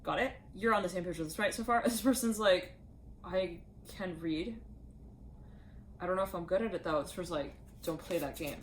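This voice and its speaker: A woman's voice: on the low side, a little fast, a little hiss or hum. A woman giving a channeled tarot reading, rambling and laughing as she acts out the voices she says she hears. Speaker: tarot reader.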